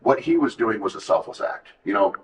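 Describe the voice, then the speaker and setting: An earnest man with a low voice tells his story in an interview, emphatic and reflective. He slips into other people's words as he recounts them. He sits somewhat back from the microphone. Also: expressive, fairly quick, recorded from a distance, low-quality recording. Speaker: guest.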